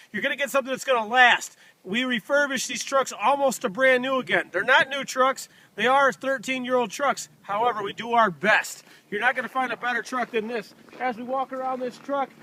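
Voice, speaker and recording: A man giving a loud, excitable, folksy sales pitch outdoors while walking around a truck for sale. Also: a little hiss or hum. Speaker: used truck dealer. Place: outdoors by a truck in freezing cold. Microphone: handheld camera filmed by a helper.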